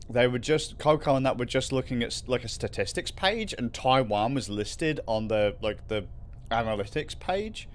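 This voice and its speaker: Rambling man with lively pitch. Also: normal speed. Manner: rambling, swearing, laughing often. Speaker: livestream host. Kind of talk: casual livestream chat.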